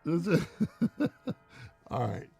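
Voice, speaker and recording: A man co-hosting a live stream, chatting casually and quickly, laughing often as he answers questions. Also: on the high side, big pitch swings, creaky, mellow, breathy edge, dry recording, soft background music. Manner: fast-talking, laughs often.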